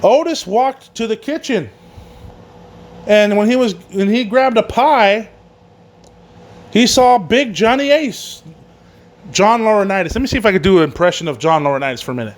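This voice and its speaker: A man's voice: high voice, lively intonation, normal speed, pauses often. A man hosting a casual wrestling podcast who rambles through a recap, swears often and laughs at his own jokes. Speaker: podcast host.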